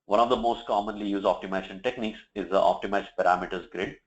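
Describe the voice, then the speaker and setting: A man presenting a software demo, walking through each step in a steady, explanatory way with occasional fillers. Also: on the low side, fast, muffled recording. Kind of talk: product demo walkthrough.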